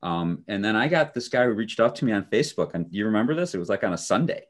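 Man, very low voice, podcast co-host, dry sarcastic humor, relaxed filler-heavy talk. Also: fast talker. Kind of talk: casual conversational storytelling.

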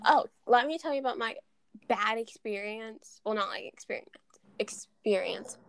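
A woman chatting casually with family, telling animated stories and mimicking the people she quotes. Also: a little high, normal speed, smooth. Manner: animated storytelling, quotes others in mimicking voices. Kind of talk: casual chat.

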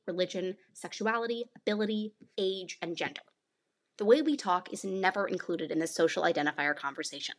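A woman's voice: medium pitch, fairly bright tone. A woman in her late teens hosting a podcast, delivering a scripted monologue with playful, teasing asides. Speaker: podcast host.

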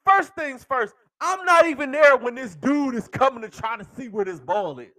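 A podcast host with a strikingly high voice, his pitch leaping up and down, rants excitably about sports while swearing and laughing mid-sentence. The recording is dry, close, and without echo.

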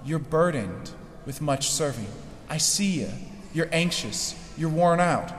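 A man voicing a gentle, knowing figure who speaks softly and kindly to a weary friend, in an echoey hall. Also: fairly high pitch, lively intonation, a little slow. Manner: soft, gentle, hushed. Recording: echoey hall with long reverb.

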